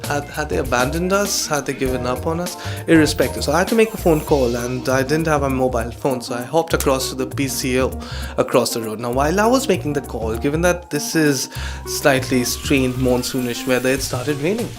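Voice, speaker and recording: A young man from India telling a comic anecdote in a wry, deadpan way. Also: mid-range voice, fairly quick. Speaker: storyteller. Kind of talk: comic storytelling. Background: music.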